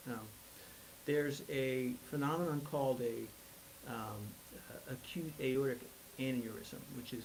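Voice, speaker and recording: A man's voice: mid-range voice, a little mellow, a little hiss or hum, rough recording. A man hosting a live music stream, rambling through a casual story with lots of hesitation. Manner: rambling, hesitant, many fillers; self-deprecating humor. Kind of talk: casual storytelling between songs.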